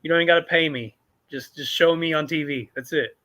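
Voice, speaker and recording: A man's voice: on the high side, fast, pushed and bright. A man from Arkansas, a podcast guest talking in a laid-back, casual way, full of "you know"s. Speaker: podcast guest, jiu-jitsu competitor. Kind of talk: casual conversation.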